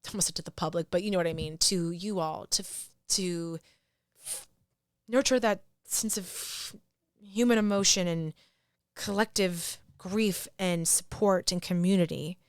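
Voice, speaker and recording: A woman with a lowish voice speaks unhurriedly on her podcast, the sound clean and studio quality with no room echo. In a personal, reflective monologue, she talks through her grief with heartfelt emotion, sighing and starting sentences over.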